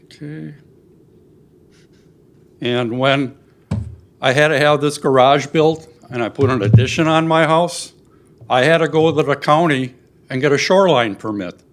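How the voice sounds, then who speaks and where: An older man giving a public comment at a city meeting, earnest and halting, getting emotional at times. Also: on the high side. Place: city council chamber.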